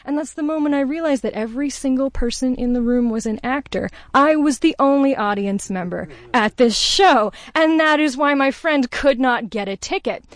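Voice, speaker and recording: Lively woman telling a funny story. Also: high-pitched, no echo. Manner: lively, self-deprecating, acts out voices in quotes. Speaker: storyteller guest. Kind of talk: comedic personal storytelling.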